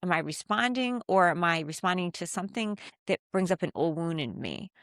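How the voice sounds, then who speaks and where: A woman giving a calm, faith-based self-help talk on handling conflict. She teaches step by step and slows down to stress key phrases. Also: lowish voice, no echo, clean studio sound. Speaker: communication coach.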